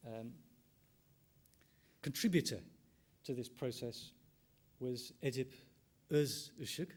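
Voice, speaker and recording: With a medium-pitched, darkish voice that has a breathy edge, a middle-aged ethnomusicologist gives a conference talk. He thinks out loud, rephrases himself, and often says "um" in a measured delivery.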